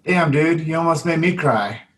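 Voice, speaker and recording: A man's voice: a little high, moderate pace, a bit bright, recorded from a distance. A man hosting a podcast, talking casually and emphatically and often filling with "like" and "you know". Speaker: podcast host. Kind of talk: casual conversational chat.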